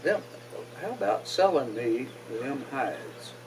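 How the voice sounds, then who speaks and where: A man's voice: medium pitch, very animated, slow, creaky, background noise, exaggerated voice. A man doing a blunt Kentucky farmer. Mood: eager. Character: gruff rural farmer husband, greedy but hospitable.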